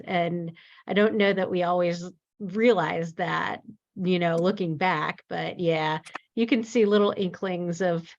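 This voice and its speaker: A woman artist taking part in a workshop over a video call, relaxed and reflective, laughing often as she talks. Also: on the low side, lo-fi sound.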